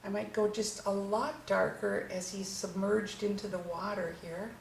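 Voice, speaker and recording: A woman's voice: medium pitch, level tone, a little slow, vocal fry. Chatty woman painting watercolors n explaining as she goes, roomy echo, faint hiss. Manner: enthusiastic, chatty while working. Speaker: watercolor instructor. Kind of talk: painting demonstration. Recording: echoey room with faint noise.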